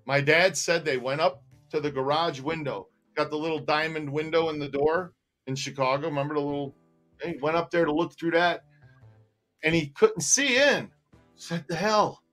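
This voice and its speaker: A man co-hosting a relaxed livestream chat, with a voice sitting a bit higher than most men's. He tells stories animatedly and laughs often, with soft music faint in the background. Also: normal speed. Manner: animated, laughing storyteller reading viewer comments. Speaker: co-host. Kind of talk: casual livestream chat and storytelling.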